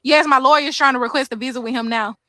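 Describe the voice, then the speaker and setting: Lady telling how a visit went wrong, high bright voice, dry close sound. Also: racing, no room sound. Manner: upset, animated retelling with quoted dialogue. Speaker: inmate's sister recounting a prison visit. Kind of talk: casual first-person account. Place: outdoors near a prison.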